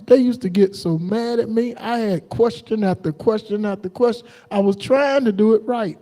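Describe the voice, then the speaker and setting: Guy preaching on a livestream, high pitched but warm sounding, tells stories and acts out people. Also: normal speed, hardly any pauses. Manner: folksy storytelling with laughs and acted-out quotes. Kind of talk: informal sermon on a livestream.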